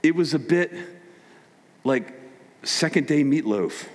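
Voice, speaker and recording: A man preaching a conversational sermon to his congregation, acting out quick voices as he makes his points. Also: fairly high pitch, big-room sound. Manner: conversational, animated, acts out voices. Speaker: pastor.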